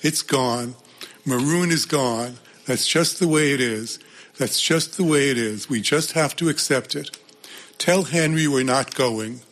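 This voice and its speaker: A man reading the part of a tired parent who gently breaks bad news to a child, repeating himself in resignation. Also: mid-range voice, a little slow. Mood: resigned. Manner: resigned, repetitive, apologetic.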